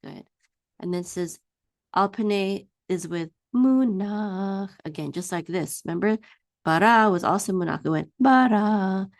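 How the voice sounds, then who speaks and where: A woman teaching a one-on-one Hebrew reading lesson, patiently singing each word out slowly for her student to repeat. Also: fairly low pitch, dry recording, clean studio sound.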